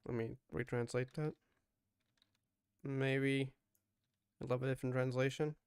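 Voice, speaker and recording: A man reacting to a game and reading its translated text aloud in a casual way. He chuckles, thinks out loud and stops to puzzle over the translations. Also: medium pitch, steady tone, measured pace, clear, resonant tone, no echo.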